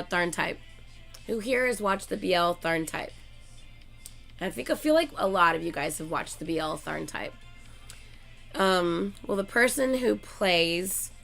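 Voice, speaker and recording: A woman hosting her channel in a casual chat with viewers, excitable and gushing like a fan, swearing often and filling her talk with "like.". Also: on the low side, gravelly. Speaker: channel host chatting with viewers.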